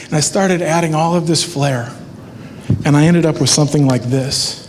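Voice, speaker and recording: A middle-aged man delivers a motivational talk on stage, telling stories with lively energy and jumping into playful voices for the people in them. His voice sits a little on the high side. It rings out with long reverb in a large hall, over a faint background hiss. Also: moderate pace. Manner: animated storytelling, acts out voices. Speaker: motivational speaker. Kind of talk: keynote speech with live art. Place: large hall with live audience.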